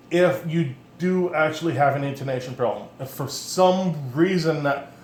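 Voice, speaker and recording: Recorded on a camera mic in his echoey home workshop, this man speaks on the high side with a darkish tone, plus a little hiss or hum and faint ambience. The instrument maker and teacher casually demonstrates setup, rambling plainly and fixing his own mistakes.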